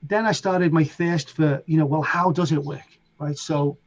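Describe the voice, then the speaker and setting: A middle-aged man with a Liverpool accent chats as an interview guest, spinning his stories with lively energy and acting out voices and sounds along the way. His voice sits a touch high and has a husky grain. The recording sounds dull and lo-fi. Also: unhurried. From England. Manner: animated, acts out voices and sounds in anecdotes. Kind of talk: casual storytelling.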